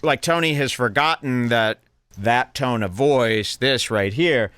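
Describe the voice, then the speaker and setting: A man hosting a podcast, giving sarcastic, animated commentary on a comedy clip. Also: medium pitch, unhurried, clear, resonant tone, no room sound. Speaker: podcast host.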